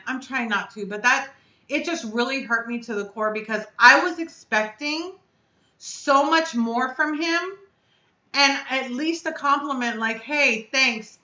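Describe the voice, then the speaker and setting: A high, bright-voiced woman hosts her own live stream and vents bluntly, upset and cursing. The sound is dull and lo-fi, with an echoey room around her. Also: unhurried. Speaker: vape reviewer and channel host.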